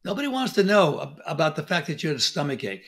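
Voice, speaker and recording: A middle-aged man telling stories as a guest on an interview, animated and acting out quoted lines. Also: fairly high pitch, quick pace. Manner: animated storyteller, acts out quotes. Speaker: podcast guest, dentist. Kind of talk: conversational interview.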